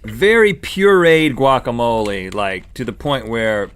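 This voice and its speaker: A man's voice: medium pitch, a little slow, fairly bright tone, clean tone, no room sound. A man co-hosting a comedic food-tasting show, making dry, jokey asides. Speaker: co-host.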